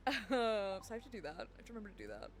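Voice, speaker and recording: A woman streaming a game from home, chatting with viewers in a bubbly, excitable way. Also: a little high. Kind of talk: casual live-stream chat. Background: game music and barking dogs.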